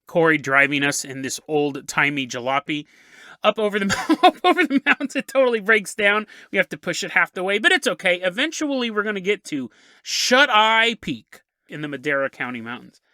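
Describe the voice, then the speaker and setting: A man's voice: high-pitched, very animated, a little fast, bright, forceful tone, no room sound, studio quality. A man hosting a podcast, telling a story in a casual, jokey, rambling way and laughing at his own asides. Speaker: podcast host.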